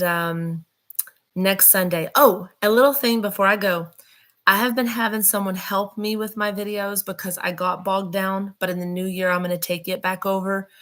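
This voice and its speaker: A woman's voice: mid-range voice, fairly bright tone. A woman hosting a vlog, talking casually and chattily straight to her viewers. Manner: chatty, rambling, addresses viewers directly. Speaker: vlog host. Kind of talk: casual talk to camera.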